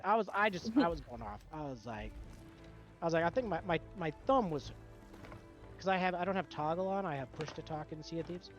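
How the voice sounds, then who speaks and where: A man streaming, casually telling a gaming story in an animated way, acting out both sides of the exchange and swearing freely. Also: fairly high pitch, fairly quick, muffled recording, soft background music.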